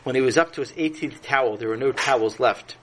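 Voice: medium pitch, quick pace, a bit bright, slight background noise, rough recording. A storyteller narrating a children's story in a playful way, with asides to the listener.

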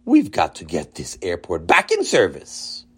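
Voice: deep voice, huge pitch swings, unhurried, breathy edge, pitched below the performer's own voice, full character voice. Storyteller doing a pompous showboating mayor. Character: showy male mayor, boastful and pompous.

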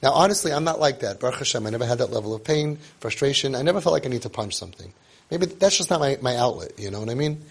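Husky man coaching parents. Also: medium pitch, lively intonation, fast. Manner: emphatic, repeats himself, mixes in Hebrew and Yiddish terms; acts out parents and kids in quotes. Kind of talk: informal lecture to parents.

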